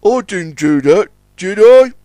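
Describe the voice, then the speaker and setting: A man's voice: sits high, expressive, slow pace, dark tone, dry recording, pitched above the performer's own voice. A man doing an eager, careless young tugboat. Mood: sheepish.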